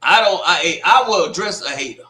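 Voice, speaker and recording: Man, casual livestream chat, high voice, roomy echo. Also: moderate pace. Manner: animated, laughing, swearing, scolding a commenter. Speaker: watch party livestream host. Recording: echoey room.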